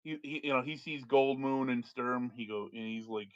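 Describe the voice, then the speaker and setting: A man's voice: medium pitch, normal speed, highs cut off. A man running a tabletop game as game master, narrating in a restless way full of restarts.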